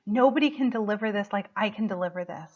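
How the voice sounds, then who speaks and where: A woman's voice: medium pitch, fast. A woman coach giving an emotional, affirming motivational talk, getting choked up as she speaks. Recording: muffled lo-fi recording.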